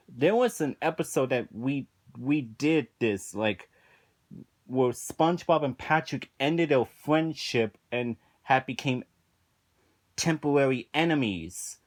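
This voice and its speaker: A man talks through a casual review at an unhurried pace, circling back over his words with lots of restarts and fillers. He sounds unimpressed and dismissive throughout. The sound is close and dry, with no room around it. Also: medium pitch, no echo. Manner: rambling, frequent restarts and filler "like".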